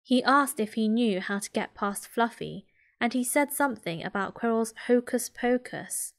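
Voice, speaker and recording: A woman with a British accent voicing a breathless, urgent schoolboy in a soft whispered role-play. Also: very high voice, moderate pace, gravelly, exaggerated voice. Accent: British English. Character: brave young schoolboy, urgent.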